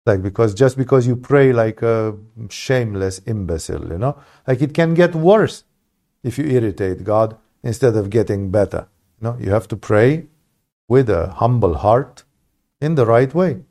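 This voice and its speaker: A man teaching scripture in a loose, conversational way, with a voice of middling pitch. He presses hard on his points and often circles back to restart a phrase. It sounds like an informal Bible study lesson. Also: lively intonation, moderate pace, mellow.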